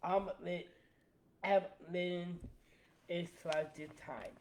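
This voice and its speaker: A man's voice: high-pitched, fairly even intonation, takes it slowly, a little mellow. A young man co-hosting a casual show, giving short answers and restarting his sentences. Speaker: co-host. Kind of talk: casual chat.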